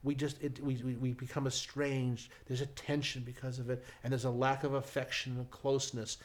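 A man playing a hushed, earnest old husband confessing. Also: medium pitch, level tone, fairly quick, lightly acted. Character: elderly married man confessing, anguished and earnest.

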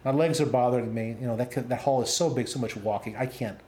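A man's voice: medium pitch, quick pace, a little mellow, lightly acted. A man putting on a grumbling old man in his eighties. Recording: echoey room.

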